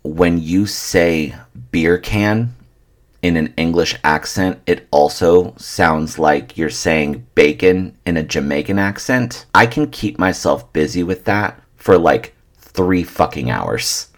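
A man's voice: sits low, slow. A man hosting his own podcast alone, ranting casually and sarcastically with lots of swearing. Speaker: podcast host. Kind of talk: casual solo podcast monologue.

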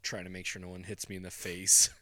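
A man's voice: low voice, monotone, quick pace, bright, forceful tone. A man giving brief, laid-back answers in a casual podcast chat.

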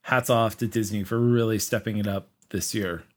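A man's voice: fairly low pitch, steady tone, normal speed. A man in his thirties co-hosting a podcast in casual, emotional chat, full of fillers and restarts. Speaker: podcast co-host.

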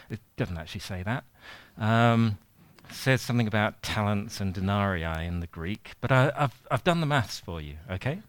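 A man preaching a sermon in a conversational way, retelling a parable with animated asides. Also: mid-range voice, clean tone, no room sound.

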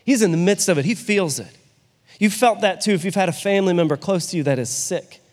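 A man's voice: high-pitched, fairly quick, in a large hall. A male pastor giving a sermon in a conversational way, often asking his listeners rhetorical questions.

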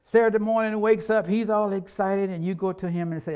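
A man's voice: sits high, fairly even intonation, fairly quick, a little mellow, smooth. A middle-aged man preaching a sermon as a pastor, in a conversational way, acting out quotes from everyday life.

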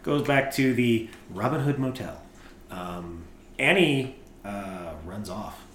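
A man narrating as game master of a tabletop horror game, halting and full of fillers and restarts. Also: lowish voice, lively intonation, a bit bright, reverberant, a little hiss or hum.

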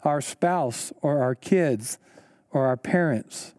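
A pastor preaching a sermon, earnest and emphatic, repeating key lines slowly for weight. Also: male voice, warm tone, no echo, clean studio sound. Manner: rises in pitch when stressing a point.

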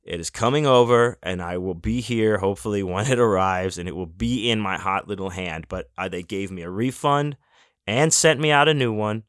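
A podcast host rambles through a casual monologue full of restarts and fillers, with the odd swear word. His voice sits on the low side and is a bit bright, at a moderate pace, in clean studio sound with no echo.

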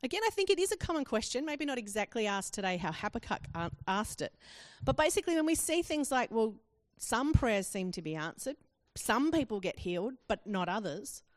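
A woman's voice: fairly high pitch, big pitch swings, brisk, hardly any pauses, no room sound, studio quality. A woman preaching a sermon, acting out quoted questions with rising emphasis.

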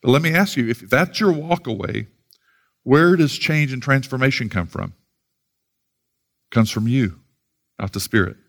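Guy teaching about sermons, punchy, keeps firing questions at the room. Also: on the low side. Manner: emphatic, rhetorical questions, mock quotes. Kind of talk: teaching talk.

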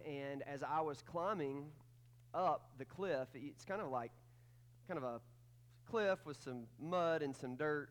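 A man, preaching a sermon as pastor in a casual, folksy storytelling way with many fillers. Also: medium pitch.

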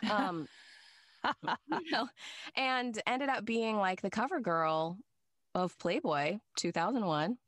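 A woman voice actor chatting as a guest in an interview, telling animated anecdotes and laughing often. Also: mid-range voice, takes it slowly, pauses often, no echo, clean studio sound. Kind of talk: casual interview chat.

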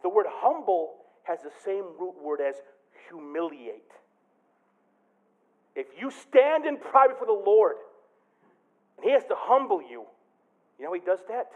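Man, pastor preaching, high voice, very lively pitch, tinny phone-like sound. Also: a little slow, long pauses. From Michigan. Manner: animated storytelling, swings from quiet to loud. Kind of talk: sermon.

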